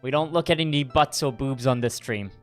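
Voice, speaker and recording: A man's voice: mid-range voice, fairly quick, faint music behind. A man chatting casually as a streamer while playing a game, joking and chatty with bits of mock outrage. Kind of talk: casual gameplay commentary.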